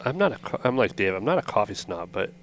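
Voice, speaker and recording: Male podcast co-host, laid-back and casual, low pitch. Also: very animated, quick pace, a little hiss or hum. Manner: laid-back, uses fillers like "like" and "um". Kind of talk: casual chat.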